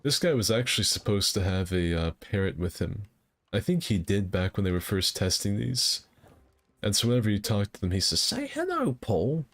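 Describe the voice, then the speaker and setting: Gaming streamer, male, very deep with vocal fry, loose self-deprecating banter. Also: brisk. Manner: rambling, self-deprecating chatter. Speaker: game streamer. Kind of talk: casual gameplay commentary.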